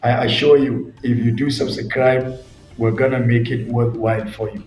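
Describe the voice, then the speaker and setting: A man's voice: medium pitch, steady tone, normal speed, darkish tone, echoey room. A man teaching English pronunciation, spelling words out letter by letter and encouraging his listeners as he repeats corrections. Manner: addresses listeners directly, encouraging. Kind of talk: pronunciation lesson.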